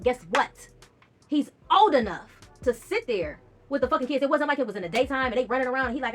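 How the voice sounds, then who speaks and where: A young woman talks straight to her viewers in a casual storytime vlog, blunt and profane, quoting her own text messages. Her voice sits a little high, and faint music plays underneath. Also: expressive, fast talker. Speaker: vlogger telling a personal story.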